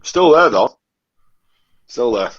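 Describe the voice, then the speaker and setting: Husky bloke from near manchester, laughs at his own stories, audio a bit muffled. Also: mid-range voice, animated, slow, fairly bright tone. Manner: sweary, laughs at his own stories, calls people mate. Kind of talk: casual late-night football chat.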